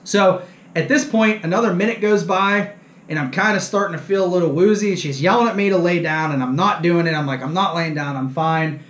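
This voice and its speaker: A man's voice: high-pitched, fairly quick, echoey room. A man hosting a fishing show, telling a story casually and animatedly, mocking himself and acting out the dialogue. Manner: animated, self-mocking anecdote with quoted dialogue.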